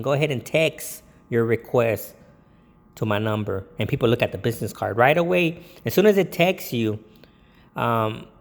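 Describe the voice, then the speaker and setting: A man DJ talks through his business tips in a loose, rambling way, often stopping on an um. His voice has a gravelly fry at mid pitch. A long reverb trails behind him. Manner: rambling, with many ums and jokey put-on quotes. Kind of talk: casual talk to camera.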